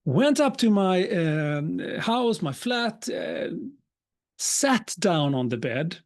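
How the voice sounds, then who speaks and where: A man, giving a live talk as a speaker and telling a personal story with humor and quick asides. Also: high voice, very animated. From Sweden. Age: 50s. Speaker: keynote speaker.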